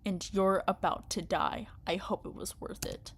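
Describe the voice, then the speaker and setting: A woman's voice: medium pitch, lively intonation, a little slow, vocal fry, a little hiss or hum. A woman reading the lines of a stern sword-wielding soldier leader in a cold, accusing manner.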